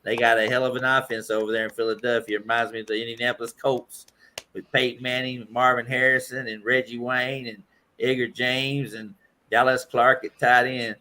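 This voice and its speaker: A man on a casual sports podcast, running through a ranked list in a relaxed way. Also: medium pitch, a little fast.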